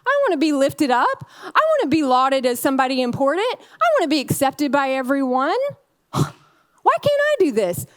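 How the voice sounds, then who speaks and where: A preacher doing a high-voiced, fed-up woman griping to God, each complaint pushed out in exasperated bursts. The frustrated venting rides well above an ordinary speaking voice, put on by a woman mid-sermon. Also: very animated, normal speed, a bit bright, no room sound, studio quality.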